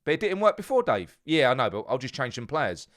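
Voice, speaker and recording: A man's voice: medium pitch, sing-song, fairly quick, fairly bright tone. A man from a fan channel ranting angrily after a defeat, talking in heated bursts with repeats and swearing. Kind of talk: angry fan rant.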